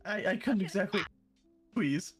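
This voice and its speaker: A woman in a live-streamed roleplay who talks calmly and teases gently. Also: medium pitch, measured pace, music in the background. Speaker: roleplay player.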